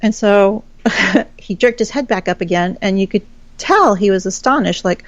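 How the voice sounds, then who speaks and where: A woman's voice: mid-range voice, normal speed, no echo, dull audio. A woman guest telling a personal story in a frank, chatty way, swearing casually. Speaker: podcast guest.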